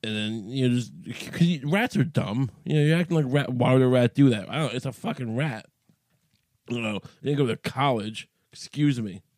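A man's voice: medium pitch, moderate pace, darkish tone, no echo. A man hosting a solo podcast, talking in a crude, profane, rambling comic way, his voice a little cracky from the morning, recording in a small closet. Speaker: podcast host.

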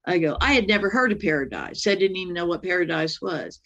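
Over lo-fi sound, a woman in her sixties rushes through a personal story as a guest, her lowish voice animated and fairly bright. She rambles and keeps looping back with "well, anyway."

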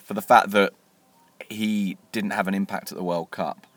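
A man cohosting a casual podcast who tells animated stories and often repeats words as he starts a thought. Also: on the low side, normal speed, no room sound. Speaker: podcast co-host and author.

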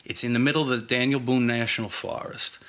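A man's voice: mid-range voice, steady tone, quick pace, bright, forceful tone. A man, a former police officer telling blunt, profane stories in casual conversation. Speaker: retired police officer guest. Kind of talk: casual storytelling chat.

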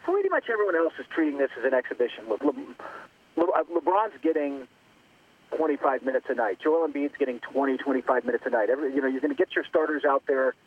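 A man calling in as a guest basketball writer, talking in an animated way with quick restarts. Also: medium pitch, slightly rough. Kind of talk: phone-in interview. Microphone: phone. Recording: tinny phone line.

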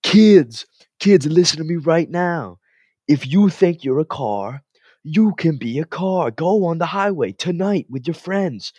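A man impersonating an overjoyed champion athlete, yelling drawn-out, strained motivational lines. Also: lively intonation, no room sound, clean studio sound. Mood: ecstatic shouting. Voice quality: high, shouted and strained. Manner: over-the-top drawn-out yelling.

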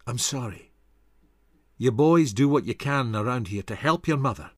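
A man's voice: medium pitch, animated, moderate pace, no echo, clean studio sound, close to an everyday voice. A man doing a harsh, barking absent father. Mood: strained. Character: contemptuous fortune-chasing Scottish-born father.

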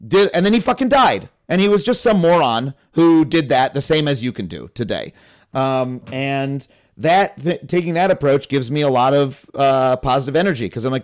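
A man's voice: medium pitch, lively intonation, brisk. A man in his thirties, a comedian guest on a podcast, talking in an impassioned, profane, rambling way. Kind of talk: animated podcast conversation.

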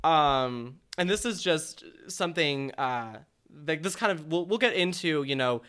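Bright, animated male podcast co-host. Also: a little high, unhurried, clean tone. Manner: animated, frequent laughter, drag slang. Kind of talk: casual chat.

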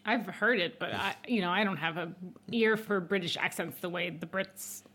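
A woman, a guest at a brunch in a home kitchen, chatting warmly with an easy laugh. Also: on the low side, moderate pace. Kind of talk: casual chat over brunch. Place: house kitchen.

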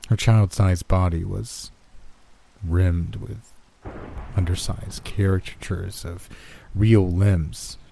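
A man reading a first-person horror story aloud in a slow, measured, hushed manner. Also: low voice, steady tone, vocal fry, noisy background. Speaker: narrator. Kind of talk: scripted horror story narration.

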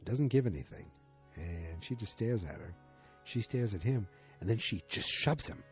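A man's voice: on the low side, expressive, moderate pace, faint music behind. A man casually recapping a TV episode, rambling loosely with lots of fillers and quoted lines.

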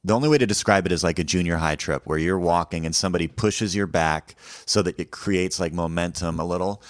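Deep-voiced man, deadpan storyteller. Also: no room sound, studio quality. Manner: deadpan, conversational, self-mocking. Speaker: comedian. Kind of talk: personal storytelling.

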